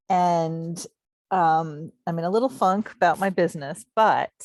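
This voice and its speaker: Woman team member, lowish voice, upbeat and quick, dry video-call sound. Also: no echo. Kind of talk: casual chat.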